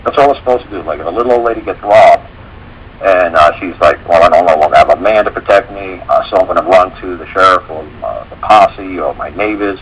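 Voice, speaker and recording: A man's voice: low-pitched, fairly bright tone, a little hiss or hum, rough recording. A man hosting a radio talk show, telling stories in a rambling way and acting out the dialogue he quotes.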